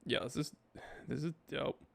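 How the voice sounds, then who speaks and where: A man's voice: medium pitch, fairly even intonation, normal speed, gravelly. A man hosting a podcast, reading chat and rambling casually in laid-back slang.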